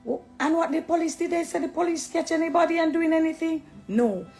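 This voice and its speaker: A woman's voice: extremely high pitch, a little fast, faint music behind. Jamaican woman preaching to camera. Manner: animated, preachy, affectionate, mixing patois. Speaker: dancehall artist. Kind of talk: casual direct-to-camera talk.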